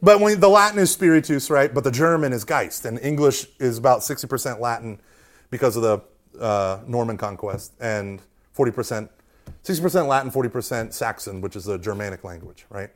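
A man teaches an informal Catholic Bible class to a live group in a hot meeting room, joking often and checking in with "right?" after his points. He's animated, with a mid-range voice and a fairly quick delivery.

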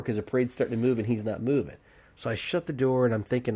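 Animated man telling a wild story. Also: medium pitch, fast talker, husky. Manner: animated, profane, acts out quoted voices. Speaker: barbershop podcast host telling a story. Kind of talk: casual storytelling among friends.

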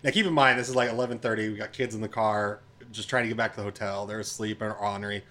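A man's voice: lowish voice, steady tone, quick pace, bright, forceful tone. Laid-back man telling an anecdote. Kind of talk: casual chat. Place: lives in Utah.

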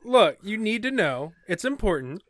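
A man in casual podcast chat, making teasing deadpan jabs. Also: high voice, normal speed, dry recording.

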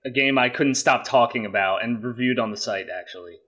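A man's voice: mid-range voice, brisk, a bit bright, slightly rough. A man co-hosting a casual gaming podcast, dry and self-deprecating. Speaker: podcast co-host.

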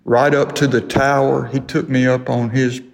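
Speaking at normal speed with a creaky, mid-range voice and little pitch movement, an older interview guest recounts a sports anecdote. He laughs his way through it in a folksy manner, with long hall reverb on the recording.

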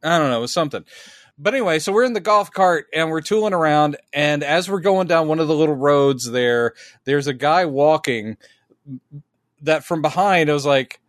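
A man co-hosting a podcast, chatting casually and telling stories with lively self-mocking humor. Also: on the high side, moderate pace, no room sound, studio quality. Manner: animated storyteller, laughs at himself. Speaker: podcast co-host. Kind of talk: casual chat.

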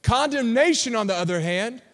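Preacher, male, very high voice, emphatic delivery, church hall reverb. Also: lively intonation, normal speed, fairly bright tone. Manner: emphatic, call-and-response with congregation. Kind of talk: sermon. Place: church sanctuary. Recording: long reverb of a large hall.

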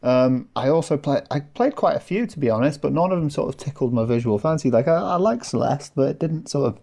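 A man's voice: a little high, animated, brisk, creaky, warm tone. A man chatting in a laid-back, noncommittal way on a gaming podcast. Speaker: podcast co-host. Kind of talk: casual chat.

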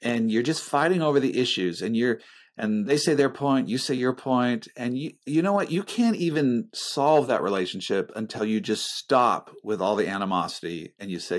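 A middle-aged man talking earnestly about faith and relationships, with a pastoral manner, often dropping into a soft, low voice. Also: animated, normal speed. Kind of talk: reflective faith conversation.

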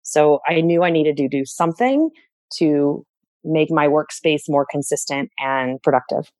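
A woman's voice: deep voice, measured pace, a little mellow, no room sound. A woman talking candidly and reflectively as a guest in a casual interview, sometimes laughing at herself. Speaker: interviewee, organizing client.

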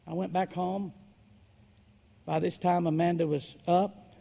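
A man preaching a story-driven sermon, dropping to a hush and then rising to loud, dramatic swells. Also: high voice, level tone, a little slow, creaky. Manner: dramatic, swings from hushed to shouting.

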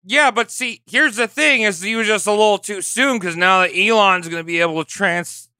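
A man's voice: sits high, normal speed, pushed and bright, clear, resonant tone, no room sound, studio quality. A man co-hosting a casual podcast, cracking crude jokes. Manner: jokey, crude wisecracks. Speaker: podcast co-host.

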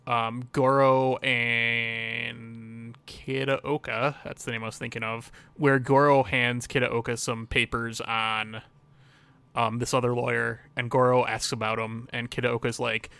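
A man co-hosting a podcast, recapping the plot casually with frequent pauses and ums. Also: medium pitch, little pitch movement, creaky, bright, forceful tone, clean tone, dry recording. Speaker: podcast co-host. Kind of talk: casual chat.

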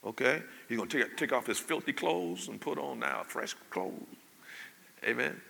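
A man preaching a sermon. He moves from low conversational asides to loud shouted preaching and calls for the congregation to answer him. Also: animated, normal speed, gravelly. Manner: call-and-response with the congregation. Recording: long hall reverb.

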